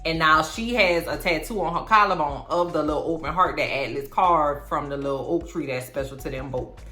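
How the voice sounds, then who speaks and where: A woman giving a casual, sassy movie recap, slangy and animated as she tells the story. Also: low-pitched, brisk, roomy sound, faint music behind. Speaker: YouTube film recapper.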